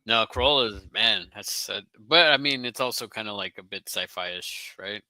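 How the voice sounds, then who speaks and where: A man hosting a relaxed video-call chat, reading out viewer comments in a laid-back way. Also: fairly low pitch, normal speed, a crowd in the background. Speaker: host.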